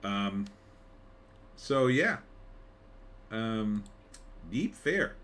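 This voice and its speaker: Man, lowish voice, lively swooping pitch, rambling casual trailer commentary, wry asides, faint background ambience. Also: unhurried, a little hiss or hum. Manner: rambling, conversational, with frequent fillers and wry asides. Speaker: screenwriter reviewing a trailer.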